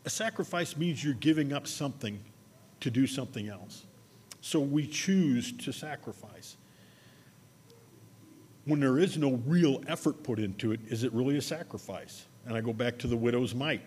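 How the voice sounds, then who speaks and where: A man preaching a sermon, telling a personal story in a conversational way and slowing down to stress key words. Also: mid-range voice, a little mellow, breathy edge, long reverb tail. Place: church sanctuary.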